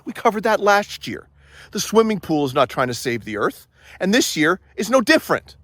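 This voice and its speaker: Animated, jokey man vlogging outdoors. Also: sits high, normal speed, no room sound. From Canada. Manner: playful, joking, repeats a catchphrase. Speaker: vlog host. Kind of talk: walking outdoor vlog, jokey commentary. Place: outdoors in a provincial park.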